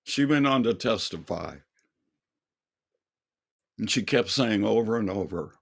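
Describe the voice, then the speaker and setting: Older male singer, slow earnest testimony, low gravelly voice. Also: animated. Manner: slow, earnest storytelling with quoted dialogue. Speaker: singer and speaker. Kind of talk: testimony storytelling.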